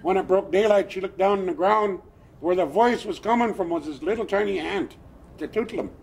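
An elderly man telling a traditional story to listeners in a plainspoken, lively way, with chuckling asides. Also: sits high, fairly quick, creaky, husky. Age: older.

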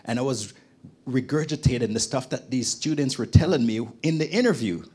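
A middle-aged man from Jamaica, a podcast guest, telling his story in lively conversation and acting out the people he quotes. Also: mid-range voice, a little fast, husky. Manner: animated storyteller, acts out quoted voices.

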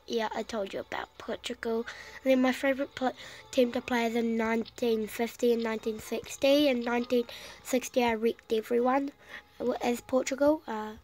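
A woman's voice: on the high side, steady tone, moderate pace, a little mellow, poor audio. A woman with a cough, casually commenting on her own strategy game play and rambling to herself with many fillers. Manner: rambling, self-talking, trailing off with fillers. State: sick with a cough. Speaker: gameplay commentator.

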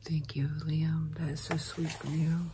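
A woman doing a whispered ASMR mail opening, switching between soft whispers and quiet speech and drawing out her words. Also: deep voice, level tone, slight background noise. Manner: slow, drawn-out words. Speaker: ASMR creator.

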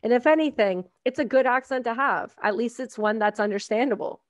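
A woman hosting a podcast interview, talking emphatically and effusively and acting out quotes in animated voices. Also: on the high side, a little fast, dry recording. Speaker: podcast host. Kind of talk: casual interview conversation. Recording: dry, dull audio.

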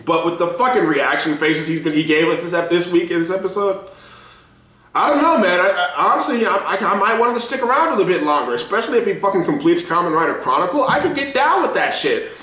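Excitable, foul-mouthed man in an echoey room. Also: high-pitched, fast talker. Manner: excitable, profane, laughing often. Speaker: show reviewer. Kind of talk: casual reaction review.

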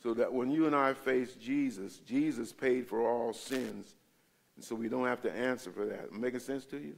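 Male pastor, gravelly fry in the voice, relaxed conversational Bible-study delivery that keeps checking in with the room. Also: mid-range voice, normal speed. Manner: conversational, often checks in with the listeners. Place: church.

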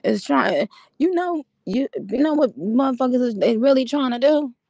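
A woman chatting casually and profanely on a livestream, rambling, laughing often and talking with animated energy. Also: high voice, normal speed, gravelly, dry recording. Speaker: livestream host. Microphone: audio livestream from home.

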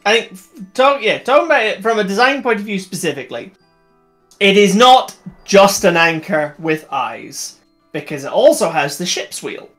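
A man's voice: sits high, very animated, moderate pace, fairly bright tone, faint music behind. A man co-hosting a casual livestream, enthusiastic and laughing often, with rambling restarts. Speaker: co-host.

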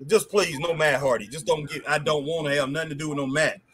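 A man's voice: a little high, quick pace, a bit bright, slightly rough. A man co-hosting a casual wrestling live stream who reads viewer comments aloud and keeps tagging his sentences with "boy" and "man".

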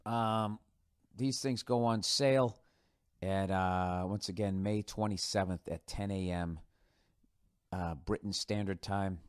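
A man's voice: lowish voice, fairly even intonation, slow, pauses often, clean tone, dry recording, clean studio sound. Profane, sarcastic man rambling on his podcast. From United States. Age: middle-aged. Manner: profane, sarcastic, loose asides. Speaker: podcast host. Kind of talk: casual rambling monologue.

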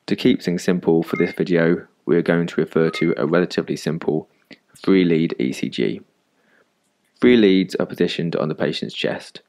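A man narrating an animated medical lesson in a calm, measured, scripted voice-over, recorded close on a studio mic. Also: rumbling low. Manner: calm, measured explanatory delivery.

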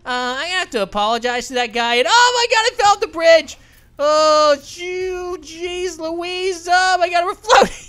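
A woman giving excitable, giggly let's play commentary, often apologizing to game characters. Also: extremely high pitch, measured pace. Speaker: gaming channel host.

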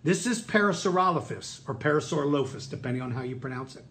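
A man's voice: mid-range voice, lively intonation, very fast. A man giving an online lesson for children, talking to them directly with enthusiasm. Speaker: dinosaur educator. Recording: roomy echo.

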